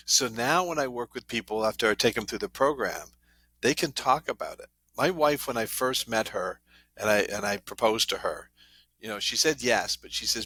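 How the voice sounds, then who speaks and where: A man's voice: lowish voice, slightly rough, dry recording. A middle-aged man, a trauma therapist, telling stories in a podcast interview and acting out what people said. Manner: animated anecdotes, acts out quoted voices.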